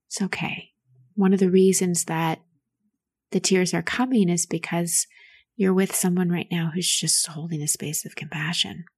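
A woman hosting a show and coaching a caller through grief in a soft, soothing, nurturing way. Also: lowish voice, no room sound. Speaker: host giving advice to a caller. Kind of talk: gentle coaching on a call.

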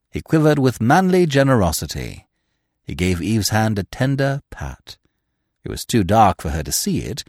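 A man narrating a comic classic novel as an audiobook, telling it with expressive storytelling. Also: medium pitch, husky, no echo, clean studio sound. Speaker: narrator and podcast host.

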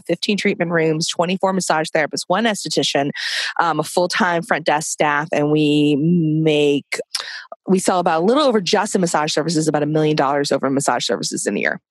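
A woman talks quickly in a casual interview, rushing through her stories and laughing often. The sound is very dry and close, with no room echo, since she is recording from inside a clothes closet. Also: sits low. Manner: chatty, laughs often, animated storytelling. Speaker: podcast guest, spa business founder. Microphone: video call.

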